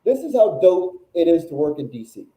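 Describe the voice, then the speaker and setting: A male music journalist, a guest on a talk show, telling stories in a casual, animated, rambling way that is full of "like". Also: a little high, fairly quick, roomy sound, poor audio. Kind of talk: casual storytelling chat.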